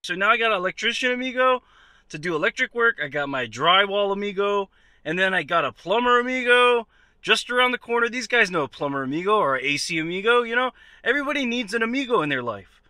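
A male comedian telling a story straight to the viewer in an animated, conversational comedy monologue. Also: sits high, fast talker, clear, resonant tone, no echo.

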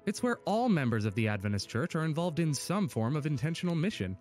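Man, scripted, curious, friendly questions, slightly higher voice, lively pitch, faint music. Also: fast. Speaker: promo co-presenter. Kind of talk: scripted explainer dialogue.

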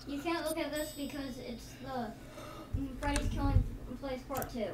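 Brief: high female voice, heard far from the mic in an echoey, noisy room, quiet and puzzled. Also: moderate pace. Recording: roomy, off-mic, noisy background.

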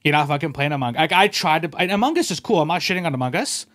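A man hosting a podcast, telling stories in a casual, animated way, swearing freely and acting out quoted voices. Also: a little high, fast, no echo. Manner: animated, profane, peppered with "bro" and "dude". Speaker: podcast host. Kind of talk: casual storytelling chat.

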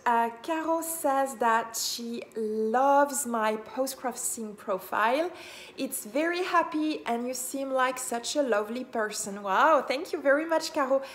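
High, slow, gushing woman vlogger. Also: fairly bright tone. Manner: enthusiastic, gasps and laughs often. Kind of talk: casual vlog chat.

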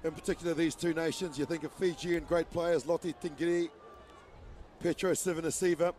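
A man giving live play-by-play commentary on a rugby match, excited and rising to shouts on attacking plays. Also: on the high side, brisk. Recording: broadcast with loud crowd noise.

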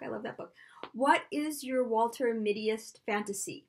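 A woman's voice: a little high, normal speed, a little mellow, a little hiss or hum. A middle-aged woman author answering a list of questions in a chatty, playful, self-deprecating way. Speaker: children's author. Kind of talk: casual spontaneous Q&A video.

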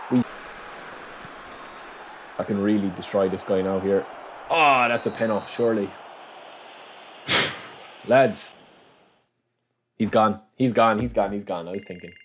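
A man commentating on his own football video game match, excitable, calling his viewers lads and bursting into shouts at big moments. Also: medium pitch, unhurried, pauses often, a little hiss or hum. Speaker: gaming YouTuber.

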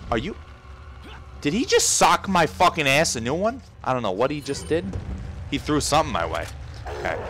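A young man commentates a video game in a frantic, profane let's-play, swearing, yelping and shouting as he plays. His voice sits on the high side with a sing-song lilt, moving at normal speed with long pauses.

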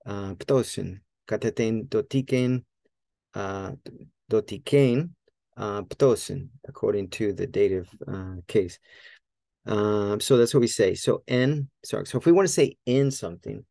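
A low, gravelly male voice, dark and mellow in tone, recorded dry and close. He teaches Greek in a loose, casual way, circling back with fillers and checking himself as he goes, then slowing down to repeat each word carefully. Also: no room sound. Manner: thinks aloud, checks himself, many fillers; repeats Greek words slowly to model them. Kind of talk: casual spoken lesson.

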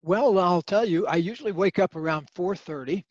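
Here the older guest author's voice is high, with a moderate pace, captured in a dry recording whose highs are cut off. Animated throughout the podcast interview, he voices the people in his anecdotes as he tells them.

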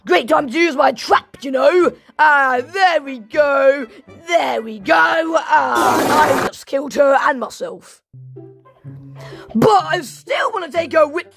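Woman, let's play commentary, high voice, unhurried delivery, excitable, shouty. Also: vocal fry, soft background music. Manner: excitable, shouty, mock-formal asides. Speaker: gaming channel host.

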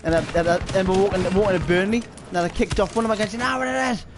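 This Geordie streamer plays a shooter while chatting casually, swearing all the time, laughing frequently and rambling through stories. His high voice races along very fast with fairly even intonation against a noisy background.

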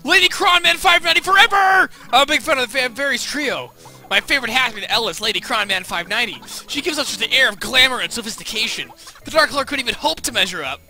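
A man's voice: very high voice, expressive, quick pace, faint music behind, exaggerated voice, rough recording. A man voicing a gushing superfan of a fairy trio in a video game. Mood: adoring. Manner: shouting, starry-eyed.

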